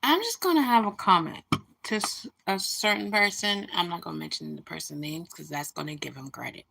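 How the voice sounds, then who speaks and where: A woman's voice: on the low side, lively intonation, fairly quick, gravelly, bright, forceful tone. A woman hosting a casual livestream, venting indignantly about a rude comment and greeting viewers as she goes. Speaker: livestream host.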